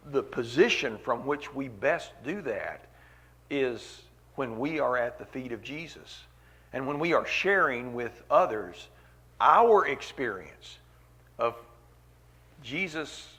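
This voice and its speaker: Guy preaching real slow, earnest, leans on repeated lines, mid-pitched voice. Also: expressive, pushed and bright. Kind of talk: sermon. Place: church meeting.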